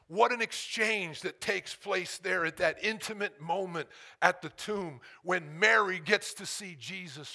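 A middle-aged male preacher giving a sermon, swinging from loud calls to hushed whispers and asking the congregation questions. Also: medium pitch, vocal fry, breathy edge. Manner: asks the congregation "how many know".

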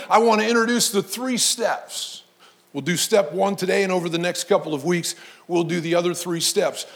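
A man preaching a sermon as pastor, telling stories and rising to emphatic, shouted points. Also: high-pitched.

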